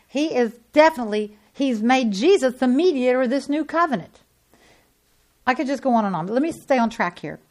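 A woman preaching a sermon in a folksy, emphatic way that swells into loud insistence. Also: a little high.

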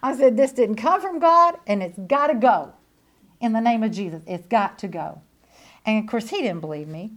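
A woman giving an animated sermon testimony, swinging between loud declarations and hushed asides. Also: medium pitch, normal speed. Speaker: preacher.

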